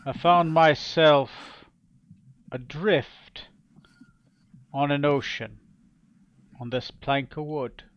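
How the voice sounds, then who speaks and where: A man voicing a ruthless, self-made male pirate king who speaks slowly and with menace. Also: a little high, lo-fi sound. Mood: menacing.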